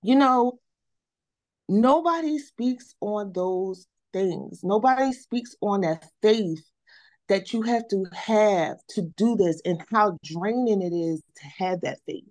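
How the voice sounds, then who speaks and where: A woman guest on a podcast, telling her story in casual chat with animated energy, repeating words and saying "y'all". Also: medium pitch, slow pace.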